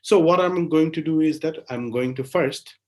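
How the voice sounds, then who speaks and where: A man with an Indian English accent gives an academic lecture online, explaining step by step and often checking in with "right?" between filler pauses. His voice is fairly high-pitched and a little mellow.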